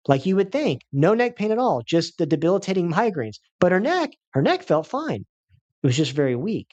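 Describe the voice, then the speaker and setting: A man's voice: a little high, no echo. A man giving a health seminar as a chiropractor, telling a patient's story with emphatic, repetitive phrasing.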